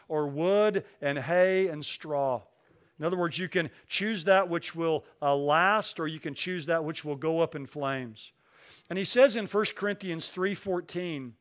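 A preacher delivering a sermon in a slightly high-pitched male voice. He reads scripture slowly, pressing hard on each key phrase, and explains it in a plain, conversational way. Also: fairly bright tone. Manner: slows down and stresses key phrases when reading scripture. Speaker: pastor.

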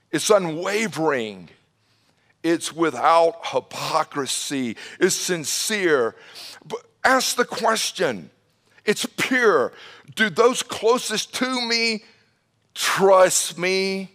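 A male pastor preaching with a high, ringing voice and an unhurried pace. He drives points home with shouted lines, then drops into soft, low asides, and often repeats the first word of a phrase as he builds up steam. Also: sing-song. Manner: repeats words when starting a phrase. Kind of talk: sermon.

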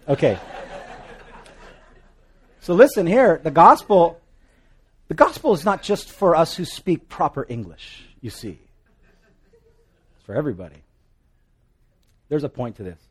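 A man from Hawaii with a Hawaiian accent, preaching a sermon with jokes and swings between loud and soft. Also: a little slow, pauses often, breathy edge. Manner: animated, joking asides, pitch and volume swing widely. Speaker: pastor.

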